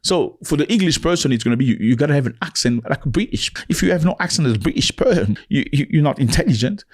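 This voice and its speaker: Emphatic man with a lively, husky voice. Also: a little high, fast. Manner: preachy, emphatic, repeats phrases, addresses listener as "my brother". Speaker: commentator. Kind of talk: opinionated video commentary.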